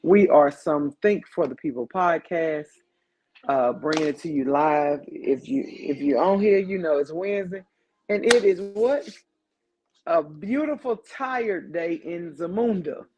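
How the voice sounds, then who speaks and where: A slightly high-voiced man runs a casual live podcast. He is worn out from a day of travel but keeps joking and stretching out his words. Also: a little mellow. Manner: loose, joking, drawn-out greetings. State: tired. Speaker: podcast host.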